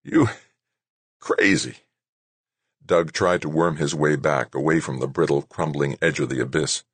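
A man reading an audiobook as narrator in a steady, measured way. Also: extremely low pitch, slightly rough, dry recording. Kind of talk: scripted narration.

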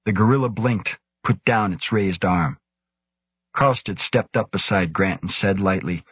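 Deep husky guy reading a story slow, super dry close sound. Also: a bit bright, no room sound. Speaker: narrator. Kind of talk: audiobook narration.

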